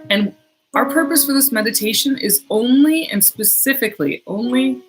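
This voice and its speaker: A woman leading a slow, soothing guided meditation on a live stream, with piano playing behind her, recorded at home on a built-in device mic. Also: a little high, low-quality recording.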